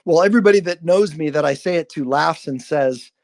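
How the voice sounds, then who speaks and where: A man's voice: on the high side, fairly quick, vocal fry, darkish tone. A man hosting a live stream, giving an earnest spiritual monologue full of swearing and frequent "right?" checks. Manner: earnest, profane, repeats "right?".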